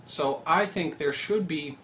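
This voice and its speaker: A young man talking in a rambling, animated casual monologue, swearing freely and pitching his website idea. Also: takes it slowly, slight background noise. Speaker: website creator.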